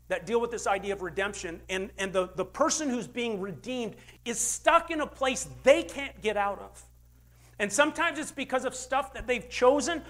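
An older man preaching a sermon as a pastor, emphatic, with big swings in pitch and loudness.

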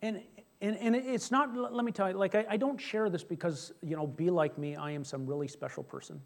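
A man's voice: sits high, fairly even intonation, brisk, vocal fry. A middle-aged man preaching a sermon as pastor, telling a personal story in a chatty, joking way. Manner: chatty storytelling, jokes with congregation.

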